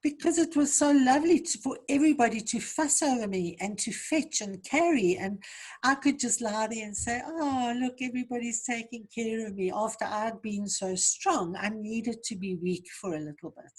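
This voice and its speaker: A woman's voice: a little high, normal speed, darkish tone, slightly rough. A woman guest in an interview, speaking earnestly and reflectively about healing and giving advice. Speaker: guest, trauma survivor coach. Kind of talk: interview answers, personal story.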